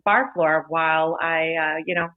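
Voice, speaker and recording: A woman's voice: deep voice, measured pace, no echo. Chatty woman bartender, playful, laughs a lot, dry tinny call audio. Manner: lively, playful, laughs while telling stories. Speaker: event bartender, guest. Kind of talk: casual storytelling interview.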